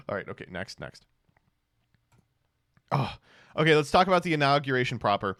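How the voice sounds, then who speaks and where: A man's voice: medium pitch, sing-song, fairly quick, long pauses, a bit bright, no echo, clean studio sound. A man streaming casual commentary, sarcastic and fond of mocking impressions.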